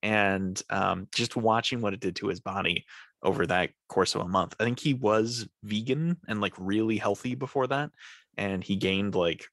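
Moderately paced and fairly low in pitch with a bit of brightness, a man's voice carries casual podcast banter as he rambles and laughs a lot while co-hosting. The recording is dry with clean studio sound.

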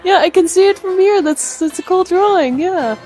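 A woman's voice: very high-pitched, moderate pace, a little mellow, soft background music. A woman playing a patient young babysitter in a roleplay, coaxing and easily amused. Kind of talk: Minecraft roleplay voice acting.

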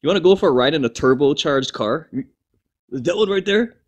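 A man's voice: on the high side, lively intonation, normal speed, no echo. A man chatting playfully and reassuringly in a casual vlog, recorded inside a car. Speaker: vlogger.

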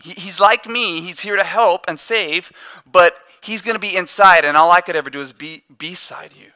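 A man delivers a sermon in church with a loose, conversational touch, dropping joking asides as he goes. His voice sits high and sounds very bright and forceful. He talks like he's chatting with the congregation. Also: normal speed, clean tone. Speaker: pastor.

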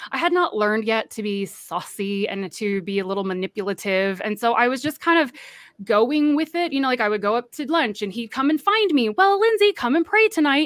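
A woman's voice: a little high, fairly bright tone, no echo, studio quality. A woman guest recounting a personal story in earnest, acting out the voices of people she quotes.

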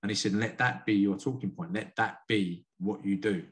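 A man from the UK, a karate sensei and boxing coach, telling stories frankly and earnestly as a podcast guest. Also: lowish voice. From United Kingdom. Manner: frank, earnest, quick to admit feelings. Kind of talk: candid storytelling in a podcast interview.

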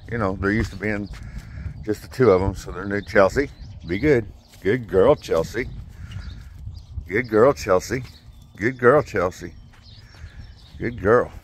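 A man's voice: fairly low pitch, slight background noise. A man gives easygoing, casual commentary while walking a new puppy outdoors in a yard. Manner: easygoing, coaxes the dog between remarks.

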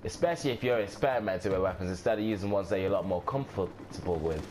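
A man's voice: low voice, quick pace, background noise. A man giving casual, offhand gameplay commentary, swearing and thinking aloud as he plays.

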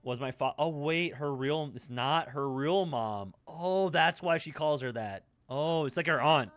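A man's voice: on the high side, measured pace, a bit bright, no echo. A young man hosting an anime reaction, blurting questions, swearing at the screen and cooing over cute moments. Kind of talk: live anime reaction commentary.

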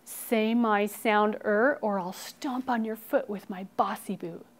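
A woman voicing a bossy female letter character who bullies another letter, in a drawn-out, threatening tone. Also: medium pitch, close to an everyday voice. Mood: menacing.

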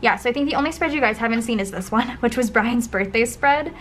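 A young woman flipping through her old planner spreads in a casual vlog, often trailing into soft, breathy gushing asides. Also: fairly high pitch, fast. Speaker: planner vlogger. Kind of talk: casual flip-through commentary. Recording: faint background noise.

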